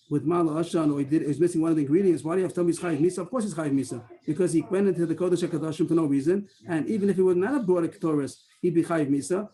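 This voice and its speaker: A man teaching a Talmud class over a video call, explaining quickly and weaving in Hebrew and Aramaic terms. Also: a little high, mellow.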